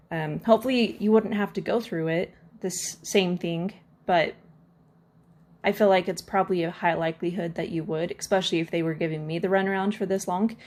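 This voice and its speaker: A woman's voice: medium pitch, darkish tone. A woman vlogger casually retelling a frustrating complaint story, with many fillers and acted-out quotes. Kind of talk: casual rant to camera.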